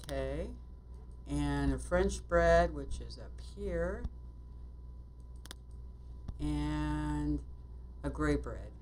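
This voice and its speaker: A woman playing a bakery shop game, muttering to herself as she works, with quick exclamations and mild swearing. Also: low-pitched, animated, background noise. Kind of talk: casual let's-play commentary.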